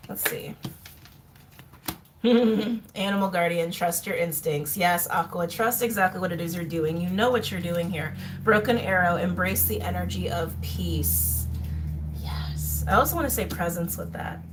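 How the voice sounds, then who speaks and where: A woman giving a casual tarot reading to her viewers, talking in a chatty, musing way with fillers and soft laughs. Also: on the low side, measured pace. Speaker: tarot reader. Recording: faint background noise and clicks.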